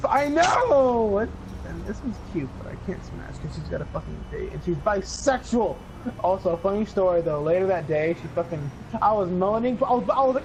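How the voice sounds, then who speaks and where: A teenage boy rambling through a casual, profane story, often mimicking other people in a higher voice. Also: expressive, fairly quick, noisy background. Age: teens. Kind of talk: casual chat.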